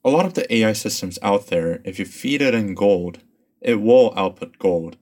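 A man who is a company executive, answering in a measured way over a remote interview. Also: on the low side, animated, darkish tone. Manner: measured, with fillers.

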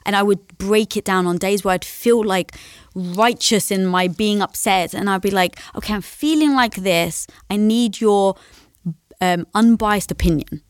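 A young adult woman as an interview guest, telling a personal story in a casual, animated way. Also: medium pitch, a little slow, clear, resonant tone, no room sound, clean studio sound. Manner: animated storyteller who acts out quoted dialogue.

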